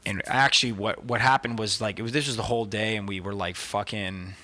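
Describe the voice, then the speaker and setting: A podcast co-host tells stories in casual chat, his fairly low voice steady, bright and forceful, moving a little fast. He swears often and keeps filling gaps with "like" and "dude."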